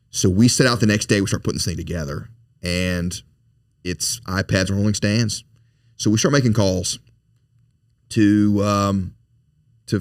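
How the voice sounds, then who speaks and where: Low-voiced male interview guest: earnest storyteller, repeats words, dry close sound. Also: no echo. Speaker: foundation president, podcast guest.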